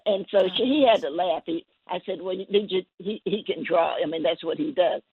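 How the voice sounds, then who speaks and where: A woman poet guesting on a call-in show, telling a story in a gentle, rambling way with many restarts. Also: fairly low pitch, fairly quick, breathy edge, no echo. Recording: tinny phone line.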